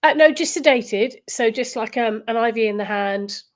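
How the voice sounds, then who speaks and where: A woman with a fairly high-pitched voice and a southern English accent keeps a normal speed while co-hosting a podcast. The chat is casual, chatty and giggly.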